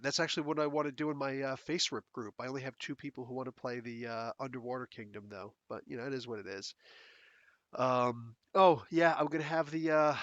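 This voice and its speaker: A man's voice: mid-range voice, a bit bright, no echo, lo-fi sound. Blunt, rambling man on a dry close mic. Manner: rambling, blunt and sarcastic, laughs often. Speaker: podcast host. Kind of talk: casual solo podcast chat. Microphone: close desk mic.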